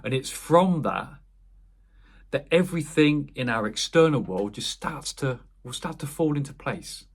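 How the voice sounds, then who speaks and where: A man's voice: medium pitch, lively intonation, a little slow, husky. A young man, a wellness coach, speaking earnestly in a meandering spiritual monologue that often restarts and corrects itself. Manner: earnest, meandering, self-correcting, laughs at himself.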